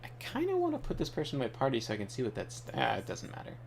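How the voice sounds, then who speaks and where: A man's voice: mid-range voice, wildly swooping pitch, racing, gravelly, a little mellow, a little hiss or hum. A man hosting a gaming channel, telling rambling, offhand stories while he plays. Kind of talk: casual gaming commentary.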